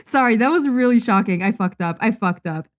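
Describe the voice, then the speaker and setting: A young Japanese woman, a manga artist, chatting casually on a livestream while she draws, muttering and calming herself down. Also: a little high, a little fast. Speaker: manga artist streaming her drawing.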